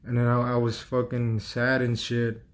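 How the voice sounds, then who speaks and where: A man's voice: mid-range voice, completely flat delivery, moderate pace. A man telling a personal story in a loose, rambling way, full of fillers, restarts and swearing.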